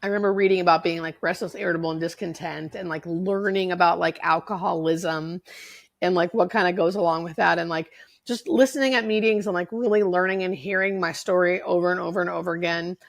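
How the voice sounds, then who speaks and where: A woman's voice: fairly low pitch, steady tone, fairly quick, creaky. A woman in her forties, a podcast guest, telling her own story candidly, swearing freely and acting out what others said. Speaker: podcast guest, hospice nurse.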